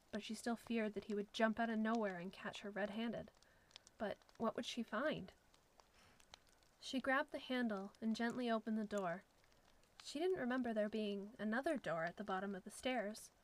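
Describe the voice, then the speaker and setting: A woman's voice: on the high side, poor audio. Woman narrating a suspenseful story.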